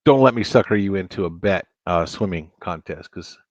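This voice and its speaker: A man's voice: low voice, lively intonation, moderate pace, no room sound, muffled recording. A man chatting casually with viewers while hosting a live stream, rambling and restarting his sentences. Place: home studio at a computer.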